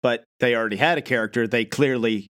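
A man's voice: medium pitch, fast, fairly bright tone. A man co-hosting a casual podcast chat in a laid-back, wry way. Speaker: podcast co-host.

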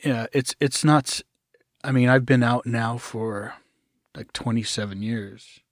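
A man's voice: medium pitch, no echo. Middle-aged guy telling his story in an interview, stops and restarts a lot, dry close sound. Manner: halting, with restarts, acts out quoted voices. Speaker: guest.

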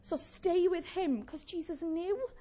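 A woman preaching a sermon, animated and conversational, with playful asides to the congregation. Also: extremely high pitch, measured pace.

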